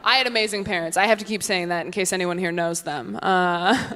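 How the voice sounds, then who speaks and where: A young woman in her twenties performing a stand-up routine in a quick, deadpan way on a stage mic, with her voice jumping high for the lines she acts out. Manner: quick deadpan delivery, high-pitched voice for acted quotes. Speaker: stand-up comedian. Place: comedy stage before a live audience. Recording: noisy live room with audience.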